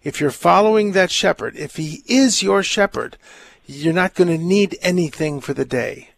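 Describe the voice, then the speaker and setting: A man's voice: high voice, animated, normal speed, gravelly. An older man, a priest, hosting a call-in radio show, chatting in a rambling way with frequent laughs and stumbling restarts. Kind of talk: casual call-in radio talk.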